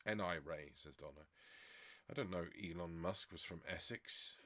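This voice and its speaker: A man's voice: low voice, normal speed, sharp tone, no room sound. An English man hosting a stream in a casual, rambling way, reading out viewer comments and laughing often. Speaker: livestream host.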